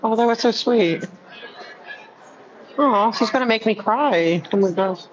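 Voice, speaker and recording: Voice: mid-range voice, a little slow. A person chatting casually on a live stream, rambling with lots of "like" and restarts. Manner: rambling, many fillers and restarts. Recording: muffled with crowd chatter behind.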